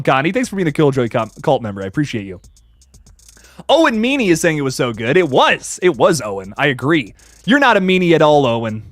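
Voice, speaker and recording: Young man, live-stream host, casual excited chat, high voice, very lively pitch. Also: no room sound. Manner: excitable, swears, greets chatters by name. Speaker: livestream host reviewing films.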